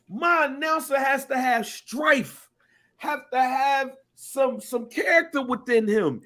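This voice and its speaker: A man co-hosting a casual podcast, talking in an animated, emphatic and profane way. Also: extremely high pitch. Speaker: podcast co-host.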